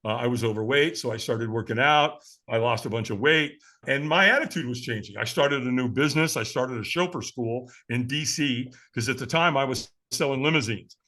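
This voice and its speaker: A man's voice: medium pitch, fairly quick, pushed and bright. A man in his sixties, a podcast guest telling a story with animation, acting out the voices of the people he quotes and chuckling along.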